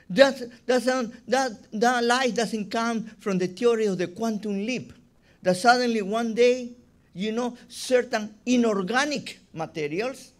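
A man delivers a sermon in the role of a rabbi, never rushing, his voice higher than typical for a man. He builds his argument through emphatic repetition of words, and his phrasing is non-native.

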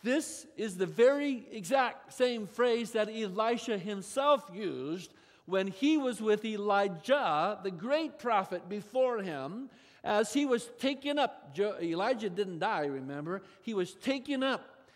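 A pastor preaching a sermon, his delivery expressive, with his voice often rising suddenly in pitch and volume. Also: unhurried. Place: large church sanctuary. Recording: long church hall reverb.

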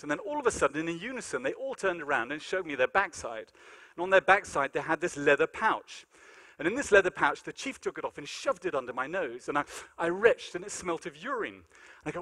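Fast, bright, high-pitched man telling a story. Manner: animated, comic storytelling with acted-out quotes. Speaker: lecturer. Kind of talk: storytelling lecture. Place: large lecture hall.

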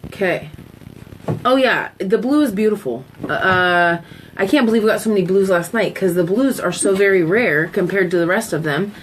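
A woman's voice: medium pitch, animated, moderate pace, slight background noise, poor audio. A talkative woman hosting a live sales stream, telling stories in a casual, chatty way. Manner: talkative, storytelling, giggly asides.

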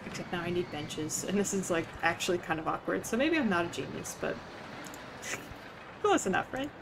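A woman's voice: fairly low pitch, big pitch swings, moderate pace, vocal fry, background noise. A young woman on a casual gaming livestream, rambling, giggling and swearing now and then as she chats with viewers. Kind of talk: casual gaming stream chat.

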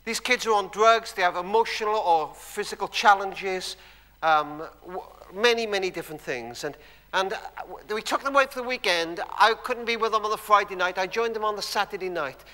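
Man, church sermon, emphatic storytelling with hushed drops, long hall reverb. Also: high-pitched, a little fast. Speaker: guest preacher.

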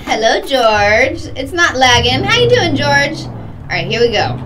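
A woman's voice: sits high, very animated, measured pace, recorded from a distance, noisy background. A young woman streaming a game, chatting casually and greeting her viewers by name with lots of giggles. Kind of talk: casual live-stream chat while gaming.

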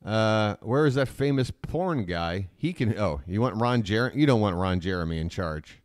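A man's voice: lowish voice, expressive, moderate pace, no room sound, clean studio sound. A man hosting a casual live stream from his laptop at home, rambling with self-mocking asides and reading out the chat.

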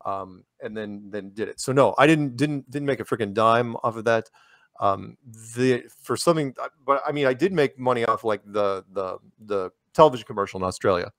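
Male guest, chatty storyteller with quick laughs, mid pitch, dry sound. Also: no room sound. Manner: animated, laughs often, restarts sentences. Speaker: interview guest. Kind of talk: casual storytelling conversation.

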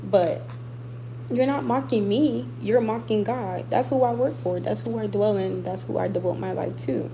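A woman's voice: medium pitch, normal speed, creaky, background noise. A woman boxer chatting casually with her viewers, emphatic and repeating points for stress. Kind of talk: casual livestream chat with viewers.

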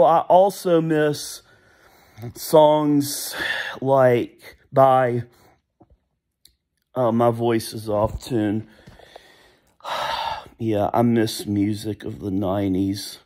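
He's in his thirties, a vlogger whose medium-pitched, slightly mellow voice moves very slowly with frequent pauses. The casual opinion piece rambles nostalgically, and he keeps slipping into hummed and sung snatches of old songs.

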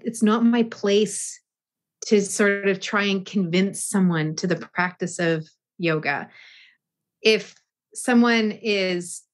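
A woman guest on a yoga podcast, speaking reflectively in an interview and often pausing to find her words. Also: medium pitch. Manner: reflective, searching for words, frequent restarts.

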